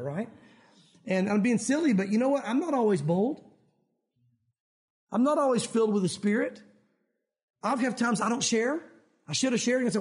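A man pastor delivers a lively sermon, his voice sitting high for a man. He acts out the people in the scripture as he preaches to his church. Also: moderate pace, long pauses. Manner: animated, acts out quotes from scripture.

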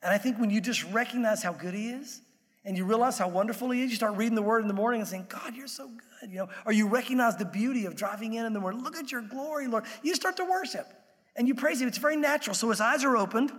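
Male pastor with a high voice, conversational sermon delivery, long hall reverb. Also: quick pace, fairly bright tone. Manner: conversational preaching, acts out quoted voices.

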